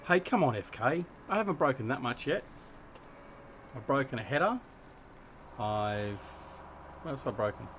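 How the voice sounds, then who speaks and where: A man's voice: medium pitch, animated, moderate pace, long pauses, a little hiss or hum. Chatty Australian man hosting a livestream. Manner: chatty, greets viewers by name, self-deprecating. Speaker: livestream host. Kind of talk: casual gaming livestream chat.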